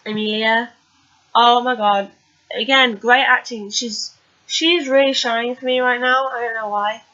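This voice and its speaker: A woman with a bright, fairly high voice talks loosely through a TV recap, full of ums and asides. The recording sounds dull and lo-fi. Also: steady tone, measured pace. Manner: chatty, rambling, many fillers. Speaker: TV recap vlogger. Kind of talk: casual recap chat.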